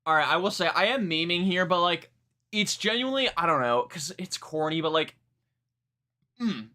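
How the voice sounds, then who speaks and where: Casual male streamer, lively swooping delivery, bright edge, quick exasperated reactions. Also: a little high. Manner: animated, swears freely, exasperated asides. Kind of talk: live music reaction, casual chat.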